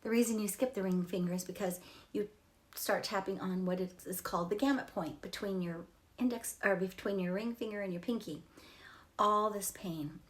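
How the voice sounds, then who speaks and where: A woman leading an emotional tapping session, talking casually and candidly, swearing now and then and dropping to a soft whisper for the affirmations. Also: medium pitch, brisk. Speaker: EFT tapping instructor. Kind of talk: guided tapping instruction.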